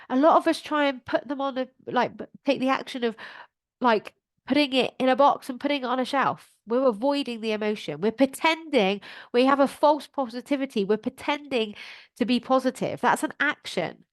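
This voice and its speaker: Lively woman coaching on a podcast. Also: sits high, moderate pace, no room sound, clean studio sound. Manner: animated, acts out her own inner voice. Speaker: life coach and podcast host. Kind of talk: motivational podcast talk.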